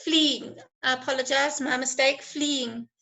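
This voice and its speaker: Slow-speaking high-voiced woman teacher. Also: fairly bright tone, low-quality recording. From South Africa. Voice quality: voice goes hoarse when talking a lot. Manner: encouraging, praises students often. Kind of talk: online lesson with live chat.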